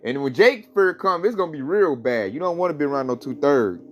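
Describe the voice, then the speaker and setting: A man's voice: fairly high pitch, expressive, brisk, dull audio. A man hosting a religious commentary vlog, talking in a preachy, repetitive, slangy way. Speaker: channel host.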